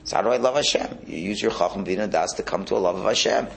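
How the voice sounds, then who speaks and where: A man teaching a Hasidic Torah class, animated and prone to repeating words and restarting his phrases. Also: sits low, very fast, creaky, slight background noise. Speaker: religious teacher.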